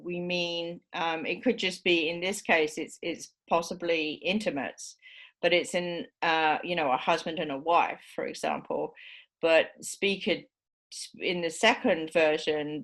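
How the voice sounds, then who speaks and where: Low-voiced woman giving a lecture. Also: a bit bright. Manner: explanatory, many fillers, acts out example phrasings. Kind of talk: university lecture.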